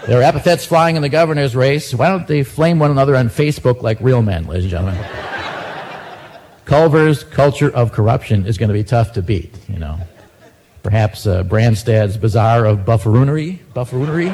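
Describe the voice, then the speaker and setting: A man's voice: mid-range voice, darkish tone, a little hiss or hum. Dry-humored man reading joke news. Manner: dry, self-mocking asides between jokes. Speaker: comedian. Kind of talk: stand-up joke news monologue.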